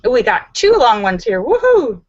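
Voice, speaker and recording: Woman, live-stream joke reading, animated, dry dull home recording. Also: a little high, normal speed, no room sound. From Los Angeles. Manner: animated, laughs at the punchlines. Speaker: host reading viewer jokes.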